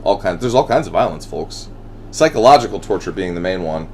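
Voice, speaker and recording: A man holds forth in a solo monologue, blunt and full of curses, with wry laughs between his thoughts. His pitch swings widely as he moves from heated outbursts to low, brooding asides. A faint ambient hum sits under his voice. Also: expressive, a little fast, a little mellow. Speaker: podcast host.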